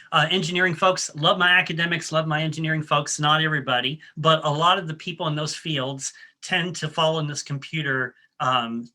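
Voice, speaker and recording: A man presents a workshop and coaches his audience through breathing exercises. His voice sits a bit high and has a sharp, bright edge. He speaks in a friendly way, with ums and restarts. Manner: coaching, leads the audience step by step. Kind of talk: guided breathing exercise and talk.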